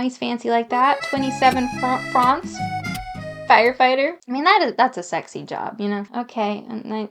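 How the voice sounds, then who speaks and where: A young woman with a fairly high voice reads a mobile dating game aloud for a let's-play video. Between the lines she drops sarcastic, exasperated remarks. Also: gravelly. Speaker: gamer.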